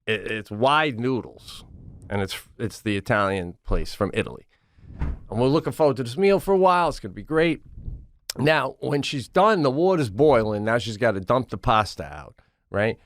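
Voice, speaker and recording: Animated swearing man telling a story. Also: medium pitch, normal speed. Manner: animated, swearing, acts out others in raised voices. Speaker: podcast co-host. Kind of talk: casual storytelling chat. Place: home studio.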